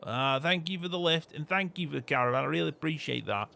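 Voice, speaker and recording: A man's voice: a little high, quick pace, creaky, bright, forceful tone. A man playing a grumbling farmer. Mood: resigned. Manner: grumbling, peppers every line with swearing. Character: grumpy swearing northern farmer man. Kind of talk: game role-play chat.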